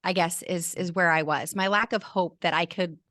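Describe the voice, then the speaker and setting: Earnest, bright-voiced woman telling her story. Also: fairly low pitch, fairly even intonation, moderate pace, dry recording, clean studio sound. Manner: earnest, emotional, with many restarts. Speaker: guest, teacher and burnout coach. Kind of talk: candid personal storytelling.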